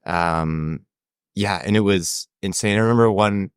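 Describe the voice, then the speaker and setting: A young man co-hosting a podcast, telling a travel story in a casual, animated way and acting out the voices of people in it. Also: sits low, a little slow, clean tone, dry recording, studio quality. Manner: animated storyteller, acts out quoted voices, laughs often. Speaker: podcast co-host.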